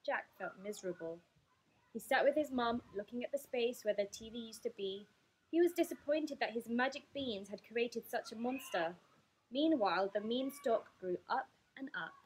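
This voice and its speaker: A woman teacher reading a picture book aloud to her class in an expressive, lively way. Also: fairly high pitch, normal speed, a little hiss or hum, rough recording.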